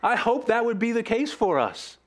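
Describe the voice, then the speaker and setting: A young man preaching a sermon in an earnest, animated way, with sudden swings in pitch and pace. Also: normal speed. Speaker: pastor.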